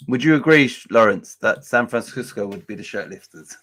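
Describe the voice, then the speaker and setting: A man with a slightly low voice hosts a casual live match-day stream. He talks loosely, swears freely, and reads chat messages and other scores aloud between remarks. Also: animated, moderate pace, fairly bright tone, slight background noise.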